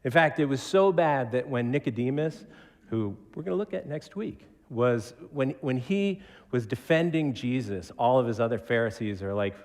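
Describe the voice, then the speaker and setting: A man's voice: medium pitch, expressive, normal speed, darkish tone. A man from Connecticut, a pastor preaching a conversational, joking sermon who acts out quotes. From Connecticut, United States. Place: church. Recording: reverberant church sanctuary.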